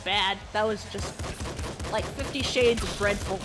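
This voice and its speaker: A woman's voice: mid-range voice, measured pace. A woman commentating on a live gaming stream in a jokey, self-deprecating way. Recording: game music behind.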